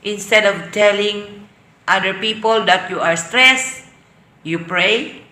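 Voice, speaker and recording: Woman, Filipino accent, English lecturer, bright voice, slow delivery, echoey room. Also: mid-range voice. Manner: slow, deliberate, defines terms then explains. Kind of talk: online English lesson.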